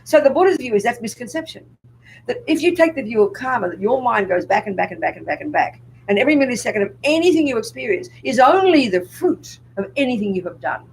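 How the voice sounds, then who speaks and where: A woman's voice: fairly high pitch, lively intonation, quick pace, a little hiss or hum, poor audio. An older woman, a Buddhist nun, giving a public dharma talk and pressing her audience with rhetorical questions.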